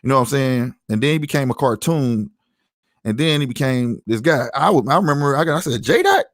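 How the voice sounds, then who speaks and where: Speaking a little fast in a medium-pitched voice, the St. Louis podcast host chats casually on a dry, clean studio recording. He's slangy and storytelling, leaning heavily on "you know what I'm saying."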